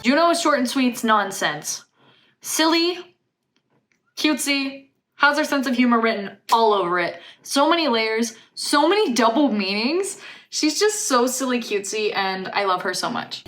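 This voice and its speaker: A music reaction vlogger reviews an album in casual chat, gushing and putting "like" into nearly every sentence. Her voice is on the high side, very animated and a bit bright, at normal speed, with faint music behind her.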